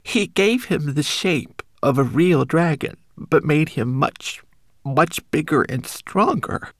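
A man voicing a small, timid male homunculus servant in a high, quavering, pleading voice, as an audiobook character. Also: expressive, slow, a bit bright, heavily acted. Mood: anxious, explaining.

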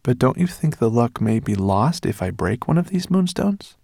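A man's voice: mid-range voice, sing-song, normal speed, gravelly, warm tone, no room sound, studio quality, voice pushed up. A man voicing an earnest, curious young boy in a storybook reading. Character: curious excited young boy, dragon rider.

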